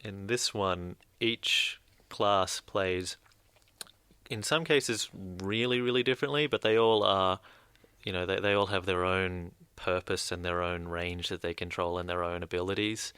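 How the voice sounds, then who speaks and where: A man's voice: sits low, fairly even intonation, a little slow, sharp tone, clean tone, dry recording. A man co-hosting a radio podcast in a studio, reviewing a game in casual, emphatic chat. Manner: emphatic, repeats words for effect. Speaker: podcast co-host.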